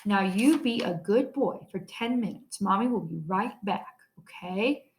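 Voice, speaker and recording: A woman reads aloud as a flustered mother in a children's storybook. She sounds anxious and hurried, lifting her voice somewhat as she frets. The voice sits at a middle pitch overall. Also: lively intonation. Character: hurried, worried mother of a small boy.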